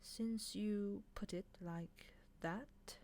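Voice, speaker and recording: Fussy, sweet-natured male angel, voice pitched well up, a woman putting it on, storybook reading. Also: sing-song, normal speed. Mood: prim. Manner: sweet, prim. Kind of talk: audiobook reading.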